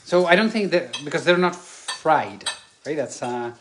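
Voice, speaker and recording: A man's voice: fairly high pitch, expressive, measured pace, a crowd in the background. A man with Spanish as his first language and a lingering cough, chatting casually while cooking in a home kitchen and searching for English words. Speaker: cooking video co-host.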